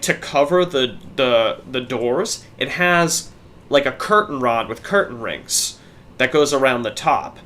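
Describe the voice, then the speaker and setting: Laid-back, bright-voiced man telling stories. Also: mid-range voice. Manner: laid-back storyteller, swears casually. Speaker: podcast co-host. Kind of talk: casual chat.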